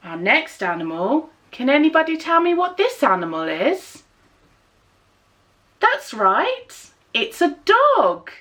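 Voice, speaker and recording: Bright English woman for a toddler storytime read-aloud, slow, playful and coaxing. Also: on the high side. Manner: animated, coaxing, making animal sounds. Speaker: children's storytime leader. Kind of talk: reading a touch-and-feel book to young children.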